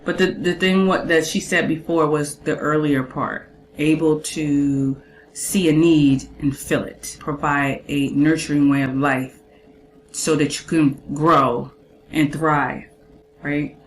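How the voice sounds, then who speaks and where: A woman's voice: on the low side, a little hiss or hum. A woman hosting a casual reaction commentary, chatty and emphatic with slangy asides. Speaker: host reacting to a clip.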